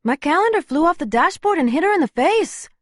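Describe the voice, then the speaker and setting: A woman's voice: extremely high pitch, big pitch swings, brisk, dry recording, studio quality, pitched above the performer's own voice. A woman voicing a bold, breezy young shapeshifter woman in an audiobook.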